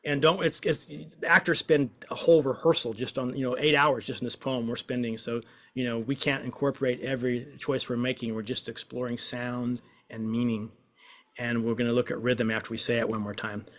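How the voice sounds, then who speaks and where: A man's voice: medium pitch, steady tone, a little fast, fairly bright tone. A man leading a voice and poetry exercise, encouraging and playful, stretching out lines as he recites. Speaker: workshop leader.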